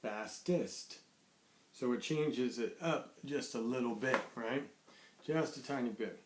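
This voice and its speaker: A man teaching young children in an online lesson, cheerful and patient, slowly sounding out words. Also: medium pitch, background noise. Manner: cheerful, sings a greeting song, slow clear sounding out of words.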